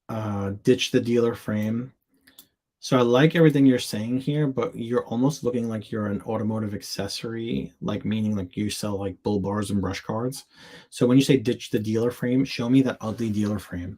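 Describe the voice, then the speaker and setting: Guy w a husky voice riffing on amazon listings live, chatty, goes off on little tangents. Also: fairly low pitch, a little mellow. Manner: chatty and candid, drifts into asides and jokes; reads on-screen text aloud in fragments. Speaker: host reviewing product listings. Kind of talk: casual live feedback on viewers' listings.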